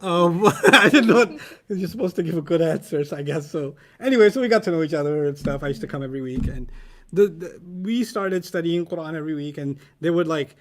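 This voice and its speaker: A man's voice: a little high, animated, brisk, a bit bright. A man teaching Arabic vocabulary in a casual class, quizzing students and telling humorous stories.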